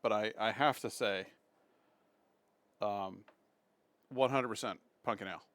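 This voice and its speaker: In a dry recording, a man with a lowish voice chats at a measured pace with viewers on his home live stream. The talk is easygoing, punctuated by bursts of excited baby talk for his dog.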